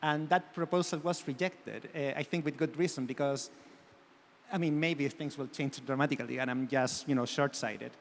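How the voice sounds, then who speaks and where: A man's voice: medium pitch, fairly even intonation, normal speed, slight background noise. A man speaking as a panelist in a panel discussion, hedging often with fillers and restarts. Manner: hedging, many "you know" fillers. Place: conference hall. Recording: long hall reverb.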